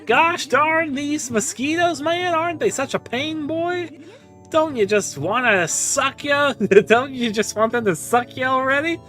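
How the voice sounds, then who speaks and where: A man's voice: very high-pitched, measured pace, sharp tone, faint music behind, pitched above the performer's own voice, full character voice. A man voicing a crude, rambling hillbilly tomato farmer with a put-on Southern drawl while streaming a game. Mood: folksy.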